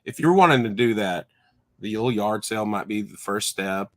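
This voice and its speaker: A man co-hosting a casual talk show, agreeing and offering advice in a relaxed way. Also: on the low side, moderate pace. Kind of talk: casual chat.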